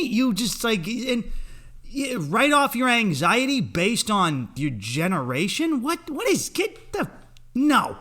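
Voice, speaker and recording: A man in his thirties rants alone on his podcast, swearing often and breaking into laughter at his own jokes. His voice is bright and sharp, sitting a little high, and it swings widely in pitch. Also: wildly swooping pitch, normal speed. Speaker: podcast host. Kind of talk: solo comedic rant.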